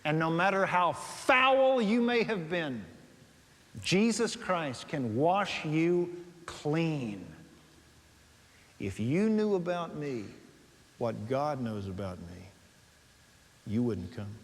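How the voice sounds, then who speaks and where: A man preaching a sermon, animated, swinging between soft and loud as he tells stories. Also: fairly high pitch, slow pace, long pauses. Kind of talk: sermon on dating and marriage. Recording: long hall reverb.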